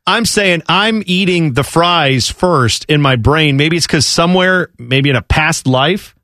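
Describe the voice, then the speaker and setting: A man's voice: a little high, unhurried, sharp tone, no room sound, studio quality. A man co-hosting a radio show in a casual, rambling, self-deprecating chat.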